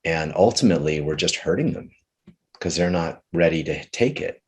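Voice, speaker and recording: Deep-voiced man coaching slowly. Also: lively intonation, darkish tone, breathy edge. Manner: earnest, slow and searching, many restarts. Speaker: relationship teacher leading a group session. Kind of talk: coaching talk with a participant.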